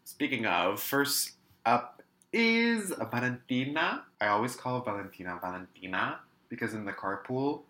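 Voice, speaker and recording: A man co-hosting a casual podcast, talking in a campy, gossipy way with quick asides. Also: medium pitch, expressive, sharp tone, reverberant. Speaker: podcast co-host. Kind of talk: casual chat reviewing a drag competition show.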